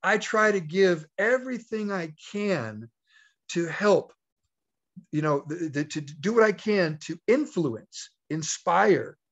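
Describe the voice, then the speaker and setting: A man's voice: high-pitched, animated, slow pace, fairly bright tone. A man giving a motivational talk as a network marketing leader, telling a folksy story and acting out the quoted dialogue. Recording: dull, lo-fi call audio.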